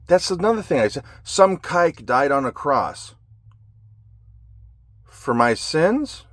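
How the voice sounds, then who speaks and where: A man's voice: a little high, creaky, fairly bright tone, dry recording, studio quality. A man telling his life story in a raw, blunt monologue, swearing constantly. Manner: heavy profanity, blunt and agitated.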